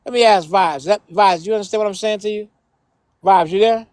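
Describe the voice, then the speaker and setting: A man's voice: high-pitched, brisk, no echo, studio quality. A man arguing heatedly on a live panel, confrontational and profane, repeating himself and talking over others. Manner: confrontational, repetitive, interrupting, profane. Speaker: panel participant. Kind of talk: heated live-stream debate.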